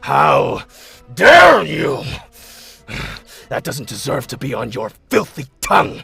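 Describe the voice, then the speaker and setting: A man's voice: fairly high pitch, huge pitch swings, slow, gravelly, pushed and bright, breathy edge, full character voice. A man voicing a furious, proud demon lord who hisses and then roars in contempt. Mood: wrathful. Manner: wrathful, contemptuous.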